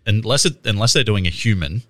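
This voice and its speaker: A man's voice: fairly low pitch, expressive, a little fast, a bit bright. A man, chatting casually about a trailer, swearing freely and laughing often. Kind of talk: casual chat reviewing a trailer.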